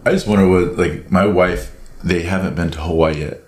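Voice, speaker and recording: A man speaking in a relaxed, reflective way during a casual chat. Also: deep voice, moderate pace.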